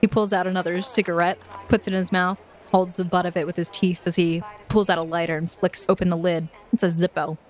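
A woman's voice: lowish voice, level tone, a little fast. Brief: woman game master, playful, descriptive scene narration.

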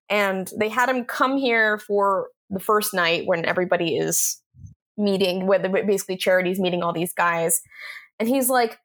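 A young adult woman co-hosting a podcast, telling an animated story with frequent laughs and some swearing. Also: medium pitch. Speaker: podcast co-host. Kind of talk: casual chat.

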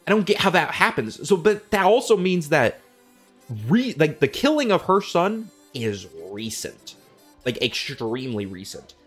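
Lively, profane young man riffing. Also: on the high side, husky, faint music behind. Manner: animated, profane, slangy, mimics characters in quick asides. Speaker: podcast host. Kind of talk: casual comedic retelling.

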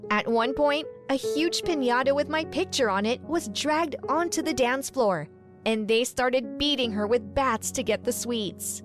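High-voiced woman narrating a drama. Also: unhurried, music in the background. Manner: dramatic, resentful retelling. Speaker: podcast storyteller. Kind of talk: first-person story narration.

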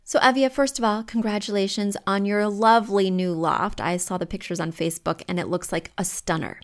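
A woman's voice: mid-range voice, fairly quick. Chatty woman hosting an advice podcast. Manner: chatty, emphatic, opinionated. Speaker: podcast host. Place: home.

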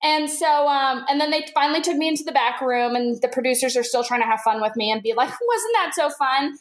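Woman, comedian, high voice, animated storytelling, frequent laughs, roomy echo. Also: fast talker. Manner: animated, laughs often, full of fillers. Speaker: guest comedian. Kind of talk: casual comic storytelling.

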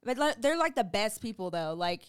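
A woman's voice: mid-range voice, moderate pace, smooth, no room sound, studio quality. A young woman with a Texan accent, co-hosting a podcast in casual chat and telling stories with playful teasing. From Texas. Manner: animated storyteller, playful teasing. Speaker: podcast co-host.

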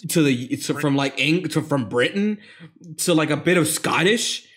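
A man co-hosting a podcast, recapping a movie plot in a jokey, animated way. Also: fairly high pitch, moderate pace. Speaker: podcast co-host. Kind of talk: casual movie review chat.

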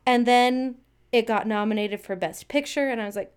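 A woman's voice: a little high, moderate pace, smooth. A woman co-hosting a movie review chat, giving short, blunt verdicts in a casual way. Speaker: movie review podcast co-host.

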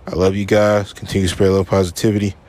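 Speaking very fast in a deep, monotone, slightly mellow voice, this podcast host delivers a solo rant. He swears heavily, repeats points to drive them home, and sounds angry, frustrated and upset.

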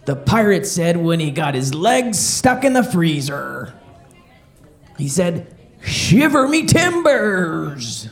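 A man playing a pirate comedian who tells family-friendly jokes and repeats each question before a slow punchline. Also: sits high, very animated, vocal fry, faint music behind, exaggerated voice. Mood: cheerful. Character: jolly joke-telling male pirate comedian.

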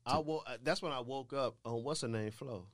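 A young man co-hosting a podcast, joking around in lively banter and retelling his own drinking stories. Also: medium pitch, brisk, dry recording. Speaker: podcast co-host. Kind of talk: casual banter.

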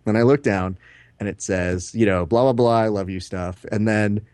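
A man in his thirties co-hosts a podcast, speaking at a fairly low pitch and a little quickly on a dry recording. He tells stories in casual chat, animatedly acting out the quotes and swearing now and then.

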